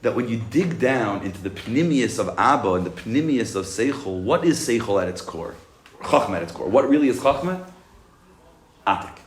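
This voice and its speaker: Male Torah teacher, mid-range voice, lively lecturing, roomy echo. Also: medium pitch, moderate pace. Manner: animated, acts out "I got it" moments, asks and answers himself. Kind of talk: Chassidus class lecture.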